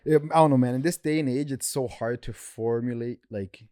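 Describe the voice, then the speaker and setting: A man's voice: medium pitch, a little fast, mellow, clear, resonant tone, dry recording, studio quality. A young man co-hosting a podcast, musing aloud in a casual, slang-filled way. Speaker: podcast co-host. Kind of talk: casual chat.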